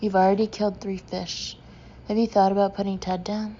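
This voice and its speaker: A woman's voice: mid-range voice, level tone, brisk, dark tone, highs cut off, a little hiss or hum, natural voice. A woman doing a dry, cutting older sister. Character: blunt, condescending older sister.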